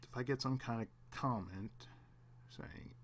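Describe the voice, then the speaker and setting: A man hosting his own channel, alone at home, giving a raw, halting confessional monologue on the verge of tears, with pauses, restarts and the odd swear. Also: mid-range voice. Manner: halting, repeats himself, long pauses, swears. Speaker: channel host.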